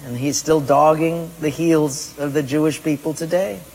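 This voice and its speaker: A pastor preaching to his congregation, with a husky, fairly high voice. His words ring out with long reverb in a church hall. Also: fairly even intonation, moderate pace, a little mellow. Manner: questions the congregation directly, storytelling. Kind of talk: sermon.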